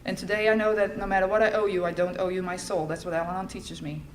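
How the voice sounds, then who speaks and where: A woman's voice: on the low side, level tone, quick pace, a little hiss or hum. Candid woman telling her story. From Netherlands. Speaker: recovery meeting speaker. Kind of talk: personal recovery testimony.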